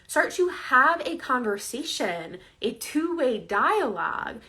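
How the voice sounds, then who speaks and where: A woman gives viewers casual, earnest advice straight to camera, keeping it conversational and often checking in with "right?". Her high, sing-song voice is bright and forceful, and she speaks slowly.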